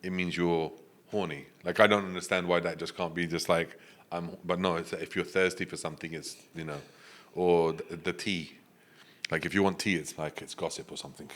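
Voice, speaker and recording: Fast, bright-voiced male comedian host. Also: sits low. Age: 40s. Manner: animated storyteller, full of likes and restarts. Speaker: podcast host. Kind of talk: casual comedic interview chat.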